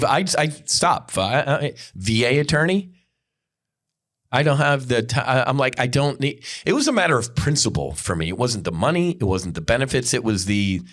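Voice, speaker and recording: A man's voice: medium pitch, big pitch swings, moderate pace, fairly bright tone. A man hosting a podcast, delivering an angry, profane and blunt unscripted monologue. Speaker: podcast host.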